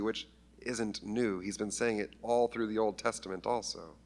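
A man's voice: lowish voice, steady tone, normal speed, darkish tone. A man preaching a conversational sermon, acting out scripture voices with humor. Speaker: pastor.

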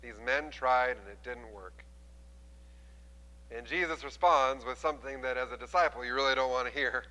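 A man preaching a sermon as a pastor, telling the story with animated delivery and acting out the quoted voices. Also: mid-range voice, moderate pace, in a large hall, low-quality recording.

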